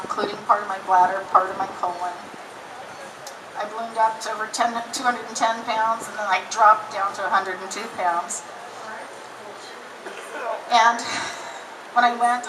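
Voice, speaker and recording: Middle-aged woman, rally speaker, animated storyteller, roomy distant camera audio. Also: medium pitch, background noise. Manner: animated storyteller, acts out quoted dialogue. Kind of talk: personal story speech at an outdoor rally. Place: outdoor rally.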